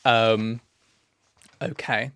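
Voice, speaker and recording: A man's voice: mid-range voice, fairly even intonation, drawn-out words, fairly bright tone, smooth, no room sound. A man hosting a podcast in casual comedic chat, playful and mock-earnest as he runs the segments. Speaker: podcast host.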